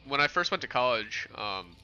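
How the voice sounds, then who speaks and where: A young man from New York streams a game and chats casually with viewers, rambling and answering their questions. His medium-pitched voice is very animated, sharp, and clean at a normal speed, though the recording is muffled with faint music behind.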